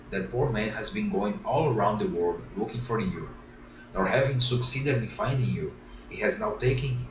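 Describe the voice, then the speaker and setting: A man voicing a large male talking pigeon in a plain, steady tone. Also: on the low side, lightly acted. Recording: roomy, distant, faint background hiss.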